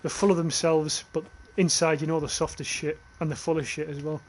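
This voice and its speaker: Northern English young male streamer, casual, sweary, slightly high-pitched, faint background hiss. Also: flat delivery, fairly quick. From northern England. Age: young adult. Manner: chatty, swears freely, reads chat aloud. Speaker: livestreamer. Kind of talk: casual gaming livestream chat.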